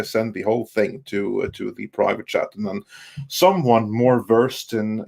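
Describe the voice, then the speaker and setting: A man's voice: on the low side, vocal fry. Chatty male livestream host. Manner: chatty, halting, many fillers and restarts. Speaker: livestream host reading super chats. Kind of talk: casual panel chat.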